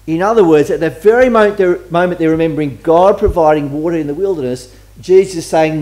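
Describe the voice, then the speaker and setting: A man gives a casual, talkative sermon at a church service. He pitches a little high and keeps turning to the congregation with questions. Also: fast, hardly any pauses, a little mellow. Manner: chatty, asks the congregation questions. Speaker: pastor. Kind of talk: conversational sermon.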